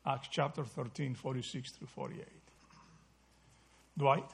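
A man's voice: medium pitch, steady tone, slow pace, gravelly, slightly rough. A man teaching a Bible study class, asking the group questions and checking in with "right?" as he goes. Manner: asks the group questions, repeats "right?" often.

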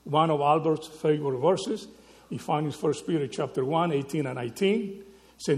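A man preaching a sermon, teaching slowly and emphatically, often checking in with the listeners with a quick question. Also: on the high side, long reverb tail. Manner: slow, emphatic teaching with frequent rhetorical "right?" checks.

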